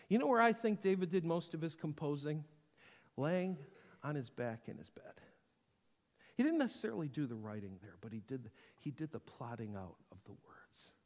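High-voiced preaching man in a reverberant hall. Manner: swings from loud emphatic declaring to hushed, near-whispered intimacy. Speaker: pastor. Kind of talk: sermon.

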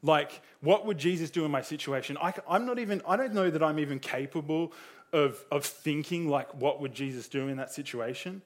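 A man's voice: on the high side, a little fast. A young man preaching a sermon in a casual, conversational way, full of fillers, acting out quotes with a raised voice.

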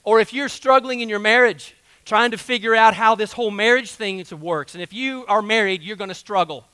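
A man's voice: high voice, a little fast, bright, forceful tone, clean tone, dry recording. A man preaching a sermon in a folksy, conversational way, full of asides to the congregation. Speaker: pastor.

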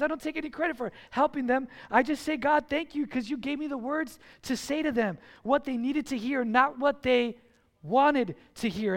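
A male pastor delivers a sermon in an unusually high voice. He preaches with energy, acts out little conversations and leans hard on the phrases he wants to land. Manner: animated preaching, slows and stresses key phrases, acts out dialogue. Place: church.

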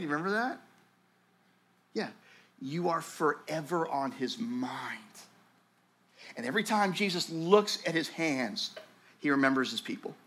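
Bright, animated male pastor preaching. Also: fairly high pitch. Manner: animated, conversational, with many restarts. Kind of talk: sermon.

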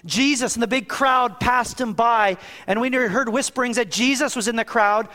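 A man preaching a sermon as pastor, shifting from hushed passages to raised, emphatic ones. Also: very high voice, moderate pace. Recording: long reverb of a hall.

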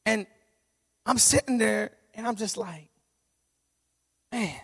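A male pastor preaching a sermon with animated, humorous storytelling that sometimes swells into shouting. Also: high voice, unhurried. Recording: reverberant hall.

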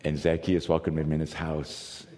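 A man from the United States preaching a sermon, telling stories with animated swings from loud to hushed. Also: a bass voice, moderate pace. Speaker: pastor. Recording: long reverb of a large hall.

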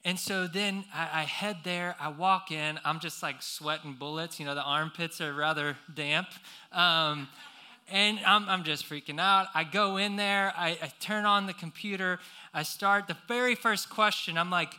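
A man's voice: high-pitched, fairly even intonation, measured pace, bright, forceful tone, smooth. A young man preaching a sermon, telling a personal story with lots of fillers and restarts before turning to scripture.

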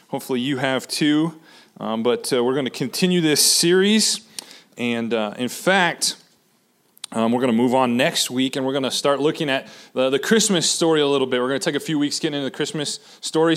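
A man in his thirties, a pastor preaching a sermon in a relaxed, conversational way with many fillers and restarts. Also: mid-range voice. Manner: acts out quoted lines with shifting inflection.

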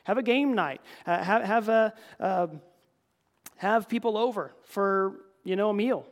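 High-voiced man preaching a casual sermon. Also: unhurried. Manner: earnest, repeats words, addresses the congregation as folks. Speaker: pastor. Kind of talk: conversational sermon. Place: church.

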